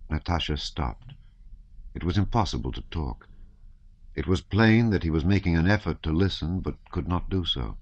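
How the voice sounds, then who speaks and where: A man narrating a classic novel as an audiobook in a measured, even reading. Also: deep voice, no room sound. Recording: slightly dull, dry recording.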